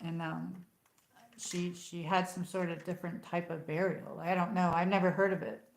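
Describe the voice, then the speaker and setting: A woman's voice: on the low side, little pitch movement, moderate pace, creaky. A middle-aged American woman chatting casually on her livestream, rambling and reading viewer comments aloud. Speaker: livestream host. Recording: echoey room.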